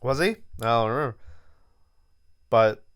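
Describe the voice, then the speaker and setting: Male podcast host, mid pitch, smooth tone, loose profane movie recap from his bed. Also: lively intonation, a little slow, fairly bright tone. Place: lying on his bed at home.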